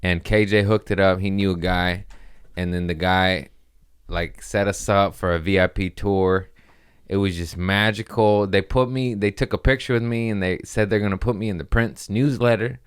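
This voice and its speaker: Young male comedian host, lowish voice, loose crude storytelling, laughs at own bits. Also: steady tone, normal speed, clear, resonant tone. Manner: rambling, crude, laughs at his own jokes. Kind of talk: casual comedic monologue.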